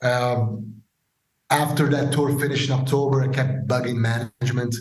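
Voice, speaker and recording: A man's voice: medium pitch, moderate pace. Man telling stories in a roomy space. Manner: animated, acts out quoted dialogue. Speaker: podcast guest. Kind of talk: casual storytelling interview. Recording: roomy echo.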